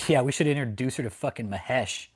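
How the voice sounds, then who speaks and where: A fast-talking man with a mid-range, slightly rough voice hosts a live stream from his San Antonio home in Texas. His angry rant is heated and profane, packed with swearing and repeated threats.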